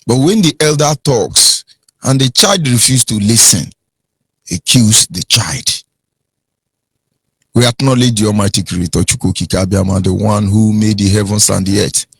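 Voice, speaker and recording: A Nigerian-accented man anchors a radio talk show in a preachy, emphatic style, swinging between low, grave tones and high, heated ones. He talks at normal speed with vocal fry and a breathy edge, and the recording is dry.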